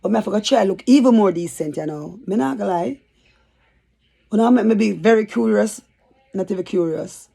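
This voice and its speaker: A woman's voice: mid-range voice, fairly quick, gravelly, mellow, breathy edge. A woman telling a rambling, chatty story for her vlog. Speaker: YouTuber.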